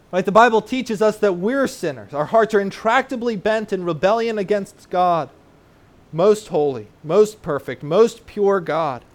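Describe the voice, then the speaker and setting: Earnest preacher with a high-set voice. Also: male voice. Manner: earnest teaching with frequent "uh" and tag "right?"; explains terms plainly for children in the congregation. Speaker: pastor. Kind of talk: sermon.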